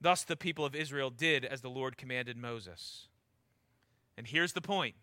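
A man's voice: mid-range voice, unhurried, sharp tone, no room sound. A man preaching a sermon. He reads scripture aloud and drags out the key words for emphasis.

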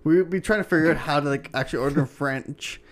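A man's voice: a little high, quick pace. A young man co-hosting a podcast, chatting casually and acting out the people in his stories, often stumbling and repeating words. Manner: animated storyteller, acts out quotes, stumbles and repeats words. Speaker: podcast co-host. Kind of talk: casual chat.

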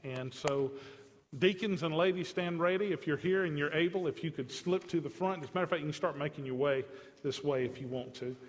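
Pastor guy preaching, kinda high voice, gets fired up acting out the quotes, big church echo. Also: a little fast. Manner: earnest, animated preaching with acted-out quotes. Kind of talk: sermon. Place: church sanctuary.

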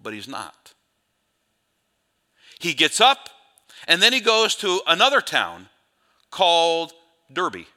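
A male pastor telling a Bible story in a sermon, in an animated way, with quick asides where he corrects himself. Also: fairly high pitch.

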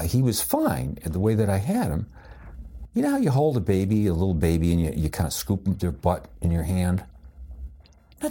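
A man's voice: low-pitched, husky. An older man who is a psychologist, telling a rambling personal anecdote with amused energy and many restarts. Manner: rambling, with frequent restarts and filler; amused, lively retelling.

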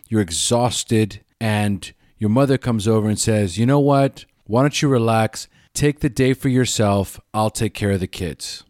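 A man's voice: lowish voice, a little mellow, no room sound, studio quality. A man speaking earnestly about addiction recovery, firing off rhetorical questions and acting out short quoted exchanges. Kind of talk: earnest motivational talk.

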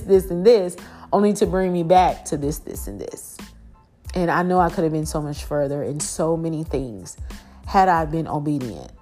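A woman's voice: on the low side, darkish tone. A woman hosting a podcast and preacher, sharing an earnest faith testimony with many fillers and restarts.

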